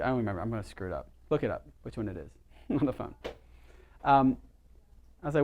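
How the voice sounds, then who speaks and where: A middle-aged chiropractor leads a casual workshop for a small group, talking in a chatty, storytelling way and repeatedly asking his listeners questions. His voice is medium-pitched, sitting in an ordinary middle range, with a darkish tone. He speaks fairly quickly but leaves long pauses.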